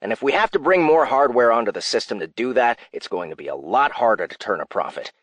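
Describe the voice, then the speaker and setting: A woman narrator drops her voice low to play a condescending male CEO in an audiobook. He sneers and talks down with a dry sarcasm. His pitch still rises and falls a lot. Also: animated, fast talker, a bit bright, no room sound. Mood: dismissive. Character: smug, dismissive male company CEO.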